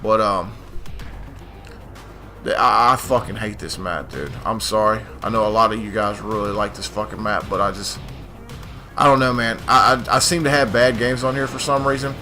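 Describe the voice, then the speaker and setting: A gaming channel host rants casually over gameplay, swearing constantly and rambling with plenty of "like" and "dude." His lowish voice sounds pushed and bright, and he talks a little fast. Soft music plays in the background.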